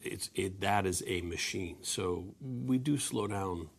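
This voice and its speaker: A man's voice: low-pitched, slow pace, vocal fry. A man in his forties, an actor guest answering interview questions, self-deprecating and hesitant with many restarts.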